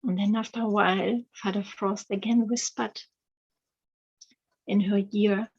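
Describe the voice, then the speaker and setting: A woman telling a fairy tale aloud, slowly and hesitantly, with many fillers. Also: mid-range voice, steady tone, vocal fry, breathy edge, dull audio. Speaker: author and storyteller.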